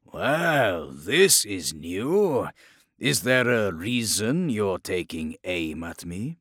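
A man's voice: fairly low pitch, very animated, extremely slow, a bit bright, no room sound, clean studio sound, exaggerated voice. A man voicing an arrogant, defiant imprisoned warrior who talks in grand, mocking declamations. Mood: sardonic mocking. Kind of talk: audiobook character voice.

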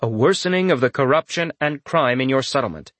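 Male audiobook narrator, fantasy story, steady storytelling read, middle pitch, dead dry sound. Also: a little fast, no room sound. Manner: steady storytelling read with dramatic rises for quoted lines.

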